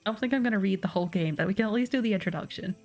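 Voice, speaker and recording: A woman's voice: mid-range voice, rapid-fire, a little mellow, faint music behind. A woman streamer chatting casually while she plays a game, making offhand comments between the lines she reads. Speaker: livestream host. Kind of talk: casual chat while gaming.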